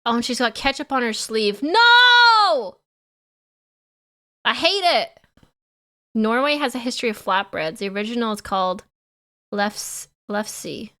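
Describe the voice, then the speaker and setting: A woman's voice: a little high, moderate pace, a bit bright. A woman from Canada, giving playful live-stream reaction commentary and teasing her chat.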